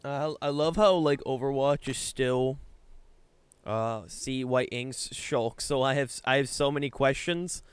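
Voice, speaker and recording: A man's voice: medium pitch, unhurried, clean tone. A young man streaming a game live, chatting casually with viewers in a brash, joking way and swearing a lot.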